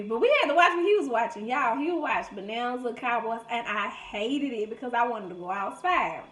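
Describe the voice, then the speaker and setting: Speaking at normal speed with hardly any pauses, this woman has a higher-pitched voice picked up from a distance in an echoey room. She's a vlogger reminiscing about family over a food video, chatty and voicing the people she quotes with lively impressions.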